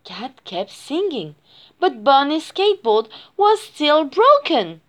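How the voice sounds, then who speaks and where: A woman's voice: high-pitched, big pitch swings, takes it slowly. A woman reading a children's picture book aloud in a sing-song storytelling way. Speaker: reader.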